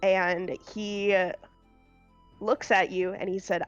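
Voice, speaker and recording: A woman running a tabletop game as game master, narrating in an unhurried way with frequent fillers and laughs. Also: medium pitch, little pitch movement, smooth, highs cut off, faint music behind.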